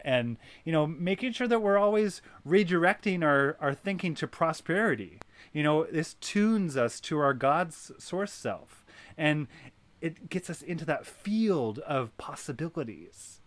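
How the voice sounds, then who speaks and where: A man hosting a wellness circle, talking in an animated coaching way that is full of "right?" and "you know". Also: a little high. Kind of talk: guided wellness talk.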